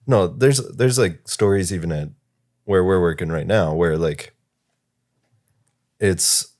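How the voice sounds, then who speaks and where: A low-voiced man co-hosts a podcast and chats casually. He tells a restaurant story in an easygoing way. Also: takes it slowly, a little mellow. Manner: easygoing, recounts a work story. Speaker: podcast co-host. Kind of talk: casual chat.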